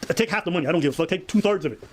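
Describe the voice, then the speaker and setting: A man's voice: high-pitched, expressive. A man speaking candidly in a vlog clip, stumbling through restarts and filler words. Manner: rapid, hesitant, full of restarts and fillers. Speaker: online creator in a played clip.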